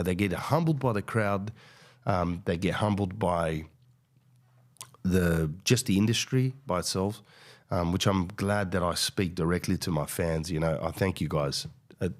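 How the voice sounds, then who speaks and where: A deep-voiced man riffs through a casual podcast monologue. He hesitates often, restarts his sentences, and swears freely, like a comedian thinking out loud. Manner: hesitant, many fillers and restarts, profane.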